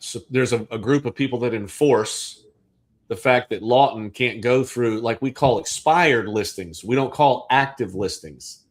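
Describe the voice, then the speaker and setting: A man hosting a casual livestream discussion as a real estate agent, thinking aloud with restarts. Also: mid-range voice.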